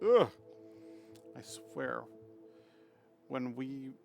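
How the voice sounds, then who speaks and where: A man from Massachusetts giving rambling, chatty live commentary while playing a game, breaking into loud laughter. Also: mid-range voice, normal speed, soft background music. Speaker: streamer. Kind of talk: live let's play commentary.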